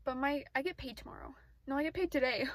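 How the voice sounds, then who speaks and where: A teenage girl vlogging outdoors on her phone, rambling fast and getting easily distracted in casual chat. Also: high-pitched, dry recording, rough recording. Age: teens. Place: outdoors, sitting in a parked car area.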